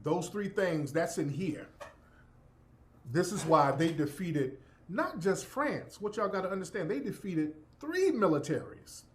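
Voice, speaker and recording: A man's voice: sits high, sing-song, unhurried, a little hiss or hum. A man giving an emphatic, profane, preacher-like monologue as a commentator. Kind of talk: impassioned monologue.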